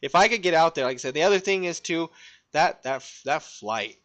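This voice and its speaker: A young man hosting a casual podcast, upbeat and excitable, quick to agree with his co-host. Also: a little high. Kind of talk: casual chat.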